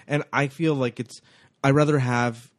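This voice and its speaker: A man's voice: medium pitch, steady tone, unhurried, no echo, studio quality. A man co-hosting a casual movie podcast, telling anecdotes with frequent ums and restarts. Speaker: podcast co-host.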